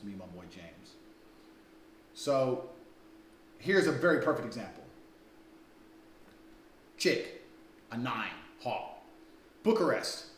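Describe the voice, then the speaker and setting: Profane, animated man lecturing in a roomy space. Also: mid-range voice, recorded from a distance, a little hiss or hum. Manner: crude, profane, lively and emphatic. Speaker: dating course presenter. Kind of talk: blunt lecture to camera.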